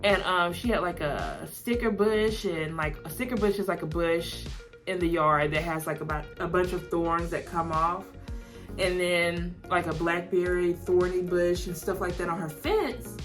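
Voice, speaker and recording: A woman's voice: on the low side, moderate pace, faint music behind. A young woman with a Southern American accent, rambling casually through a get-to-know-me video, with lots of "like" and frequent laughs. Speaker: vlogger.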